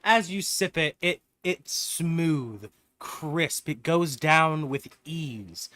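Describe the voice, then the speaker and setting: A man narrating as game master of a tabletop game, relaxed and often laughing. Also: fairly high pitch, extremely slow, no echo.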